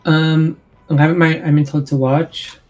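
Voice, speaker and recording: Slow, flat-toned man playing a tabletop game. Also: on the high side, soft background music, low-quality recording. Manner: hesitant, halting with fillers. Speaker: player. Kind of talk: casual tabletop game talk.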